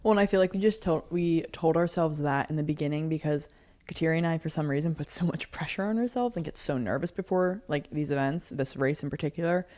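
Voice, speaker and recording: A young woman co-hosting a podcast, telling stories in an animated way and acting out her own thoughts with laughs. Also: low voice, quick pace. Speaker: podcast co-host. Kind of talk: casual chat.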